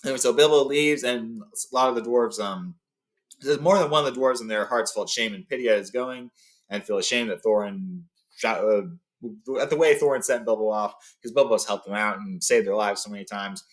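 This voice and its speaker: A man reading a fantasy novel aloud, relaxed and loose, paraphrasing with fillers. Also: on the low side, normal speed. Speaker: storyteller. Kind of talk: casual read-aloud of a novel.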